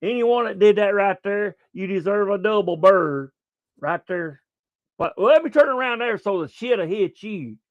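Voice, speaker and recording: Older man, profane, rambling, higher voice, dry. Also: expressive, a little slow, no echo, highs cut off. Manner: profane, repetitive, stumbling restarts. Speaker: sports show host. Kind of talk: casual rambling sports talk.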